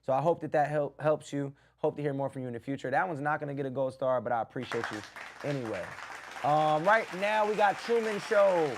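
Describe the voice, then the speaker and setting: A man hosting a live music review stream, giving blunt critiques and shouting out viewers in the chat. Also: fairly high pitch, a little fast, a crowd in the background, noisy background. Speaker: music review livestream host. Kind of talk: casual live-stream commentary.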